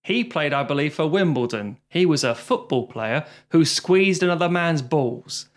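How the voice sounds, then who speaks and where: A man's voice: fairly high pitch, expressive, moderate pace. A man co-hosting a casual film review podcast, sardonic and sweary, often mimicking people. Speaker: podcast co-host.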